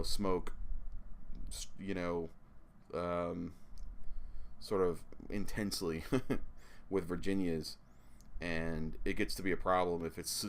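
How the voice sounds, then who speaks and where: A man with a very low voice talks his way through a casual hobby vlog. He rambles in a relaxed way, full of restarts and fillers, and at times his words come out muffled by a pipe held in his mouth. A faint hum of room noise sits underneath. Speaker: pipe tobacco reviewer. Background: ceiling fan.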